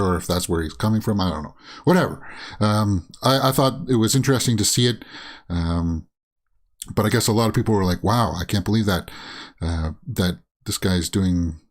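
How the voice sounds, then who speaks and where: A man hosting a casual movie news show, rambling through reactions with many fillers and frequent chuckles. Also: lowish voice. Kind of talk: casual commentary while browsing and reading tweets.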